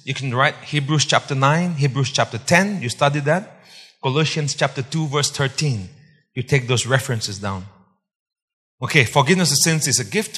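Male pastor, husky voice, emphatic sermon delivery with repetition and questions to the congregation, long hall reverb. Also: medium pitch, a bit bright. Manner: emphatic, repeats key points, quizzes the congregation.

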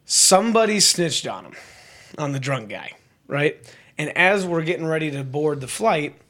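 A young man chats casually on a podcast, his voice sitting a little high. He tells stories with energy and drops into sudden higher voices when he mimics people. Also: sing-song, moderate pace, sharp tone. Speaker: podcast co-host. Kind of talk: casual storytelling chat.

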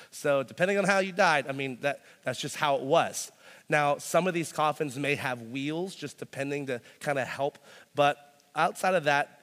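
In a large hall, a young adult to middle-aged man who is a parent preaches as a pastor. His voice is on the high side and a bit bright, and he talks in a loose, conversational way, peppering his speech with "like."

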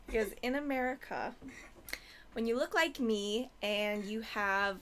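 A woman's voice: a little high, a little slow, background noise. A young Australian woman, an actor, chatting casually and giggling often while playing with accents. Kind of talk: casual chat.

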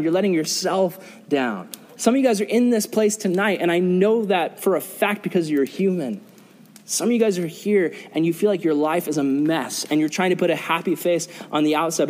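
Earnest young preacher in a reverberant hall. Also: male voice, high-pitched, a little mellow. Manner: questions the audience, earnest. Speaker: youth pastor. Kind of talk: sermon.

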